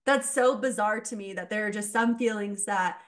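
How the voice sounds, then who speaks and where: A woman mindset coach talking casually as a podcast guest, animated and laughing often as she acts out quoted voices. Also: mid-range voice, normal speed.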